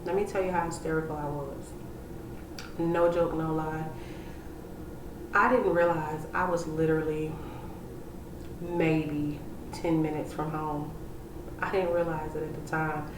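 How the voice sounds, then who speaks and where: A woman in her thirties with a low voice recounts a frightening personal story for her vlog, intense and breathless, full of "like" fillers. She sits back from the camera mic in an echoey room. A steady hiss of noise runs behind her. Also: a little slow, long pauses. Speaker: vlogger telling a personal story. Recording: roomy echo, distant from mic, with background noise.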